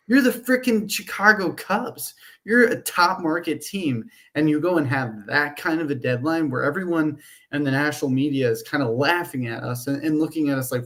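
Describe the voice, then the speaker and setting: Man ranting heatedly about his team. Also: mid-range voice. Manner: frustrated, profane ranting. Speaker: podcast co-host. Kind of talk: heated sports talk.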